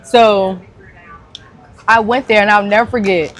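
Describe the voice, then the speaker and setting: A woman co-hosting a podcast from a restaurant, telling a story bluntly and profanely with animated quoted voices. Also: medium pitch, a little slow. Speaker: podcast co-host. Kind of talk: casual storytelling chat. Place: busy restaurant.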